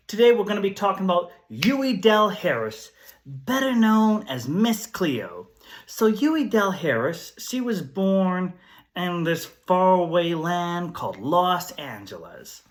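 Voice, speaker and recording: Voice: medium pitch, sing-song, takes it slowly. A storyteller host with a laid-back hippie persona and groovy slang, telling a story in a casual vlog.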